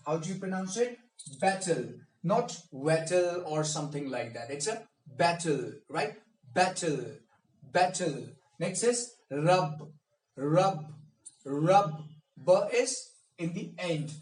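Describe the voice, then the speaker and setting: A man speech coach giving a pronunciation lesson, repeating and drilling each word with deliberate emphasis. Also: on the high side, lively intonation, distant mic. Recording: echoey room, mic set back.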